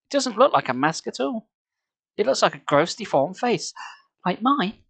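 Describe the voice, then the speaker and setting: A man voicing a young teenage girl who is thrilled with her scary mask, reading her lines with excitement. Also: sits high, moderate pace, vocal fry, pitched above the performer's own voice, heavily acted. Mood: gleeful. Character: scheming young teen girl in a monster mask.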